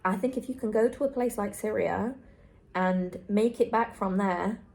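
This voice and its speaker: A woman's voice: mid-range voice, normal speed, creaky, a little mellow. Earnest woman vlogging to camera. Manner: earnest, repetitive, heartfelt. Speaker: travel vlogger. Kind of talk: candid vlog monologue to camera.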